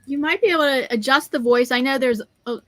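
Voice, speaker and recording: A woman's voice: high-pitched, fast, no room sound. A woman with a slightly raised voice hosts a casual interview, thinking aloud as she offers suggestions. The sound is dry and close, like a video call. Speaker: host. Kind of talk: casual conversation.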